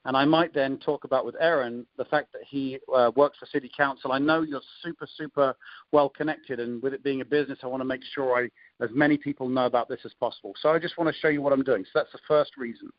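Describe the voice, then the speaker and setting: A man with an English accent coaching on a call, talking through sales invitation scripts in a relaxed, conversational way with frequent ums and restarts. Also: medium pitch, fast talker, no room sound, lo-fi sound. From England. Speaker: network marketing coach.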